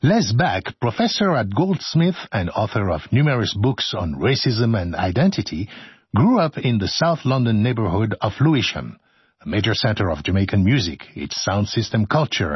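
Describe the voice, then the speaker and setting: A man's voice: fairly low pitch, breathy edge, no echo, dull audio. A man hosting a radio show, joking his way through outtakes of his scripted narration. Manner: playful, joking, breaks into laughter and singing. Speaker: radio host.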